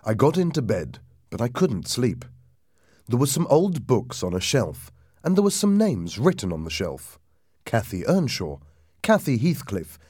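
A man narrating a ghost story aloud in a lively, dramatic reading that drops low and hushed for suspense. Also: slightly rough, dry recording, clean studio sound.

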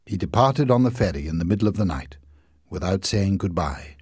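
Husky man reading a story aloud. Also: on the low side, no echo, studio quality. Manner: expressive, lively storytelling. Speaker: narrator.

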